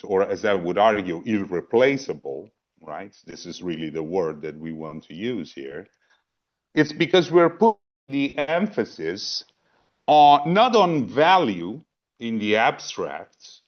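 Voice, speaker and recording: A man giving a philosophy talk on a video call, thinking aloud with repeated words and asides. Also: on the low side. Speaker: panel presenter. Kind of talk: philosophy talk in a virtual program. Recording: dull lo-fi video call audio.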